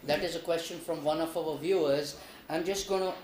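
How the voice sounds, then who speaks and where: Wry talk show cohost, slightly higher voice. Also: male voice, steady tone, brisk, echoey room, slight background noise, low-quality recording. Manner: dry, wry remarks. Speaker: talk show co-host reading viewer questions. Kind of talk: live TV talk show hosting.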